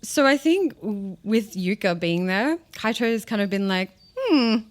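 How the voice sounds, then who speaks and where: A woman's voice: mid-range voice, lively intonation, unhurried. A woman playing a tabletop role-playing game, chatting and laughing as she describes what her character does. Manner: chatty, giggly, talks with filler words. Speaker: player. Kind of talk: casual tabletop play.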